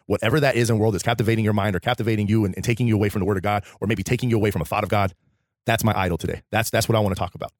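A man co-hosting a faith podcast, animated and laughing as he retells a Bible story like a preacher. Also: fairly low pitch, very fast, no room sound, clean studio sound. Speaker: podcast co-host.

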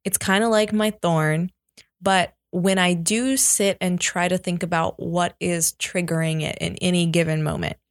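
A woman's voice: fairly low pitch, steady tone, measured pace, no room sound, clean studio sound. A woman in a casual faith podcast chat, talking candidly and reflectively about her own experience. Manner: candid, reflective personal sharing.

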